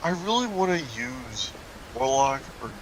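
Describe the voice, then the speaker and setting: A man's voice: mid-range voice, big pitch swings, a little slow, noisy background. A man casually commenting while playing a game, thinking aloud, rambling and trailing off mid-sentence. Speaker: gaming video creator. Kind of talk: casual let's-play commentary.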